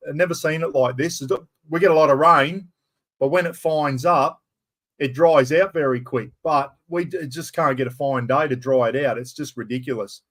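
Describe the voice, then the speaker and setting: A man's voice: a little high, fairly even intonation, normal speed, fairly bright tone. A middle-aged man from far north Queensland with an Australian accent, rambling and greeting viewers by name as the host of a casual live stream.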